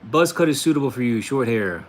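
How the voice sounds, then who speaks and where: A man's voice: mid-range voice, animated, brisk, slight background noise. An American man hosting a casual livestream, reading out chat comments in a laid-back way, laughing often and calling people "bro" and "dude". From United States. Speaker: livestream host answering chat.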